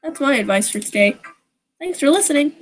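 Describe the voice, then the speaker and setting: Cheerful teen girl club leader, high voice, woman reads her. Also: animated, a little fast, faint music behind, low-quality recording.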